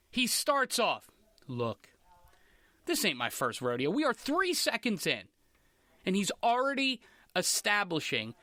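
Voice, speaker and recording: A man hosting a comedy podcast, riffing in a casual, animated, mock-indignant way with crude jokes. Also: high-pitched, dry recording. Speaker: podcast host.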